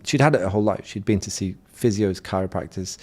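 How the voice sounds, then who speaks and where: A middle-aged man, a hypnosis coach and podcast guest, telling an animated anecdote in conversational style and acting out the quotes. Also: low voice, quick pace. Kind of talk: conversational storytelling.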